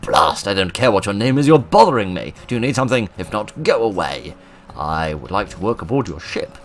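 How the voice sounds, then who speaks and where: A man's voice: very deep voice, expressive, normal speed, faint music behind. A man voicing a drunk, pompous male ship captain who snaps and barks at people in a video game. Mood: irritated. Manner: loud, haughty, snapping.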